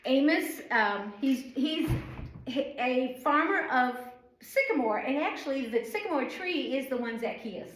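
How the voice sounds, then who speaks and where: A woman's voice: high-pitched, animated, unhurried, fairly bright tone. A middle-aged woman from the northern United States teaching an informal Bible study, rambling and chatty with many fillers. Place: church room. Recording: echoey room.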